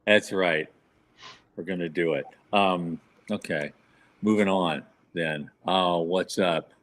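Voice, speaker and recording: A man's voice: low-pitched, slow, fairly bright tone, slight background noise. A man co-hosting a podcast, chatting casually about space industry news with wry, sarcastic asides. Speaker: podcast co-host.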